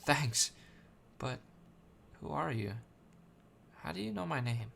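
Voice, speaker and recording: Guy reading a polite lil boy, quiet and earnest, kinda low key. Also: lively intonation, slow, creaky, a little hiss or hum, heavily acted.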